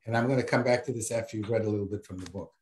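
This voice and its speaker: A man interviewing an author, asking his questions haltingly and often repeating words as he begins. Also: lowish voice. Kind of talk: interview questions over a video call. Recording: echoey room.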